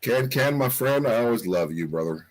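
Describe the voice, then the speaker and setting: A man, a guest musician chatting on a livestream, earnest and warm-hearted, talking in quick bursts. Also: medium pitch, lively intonation, poor audio. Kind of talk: casual livestream chat.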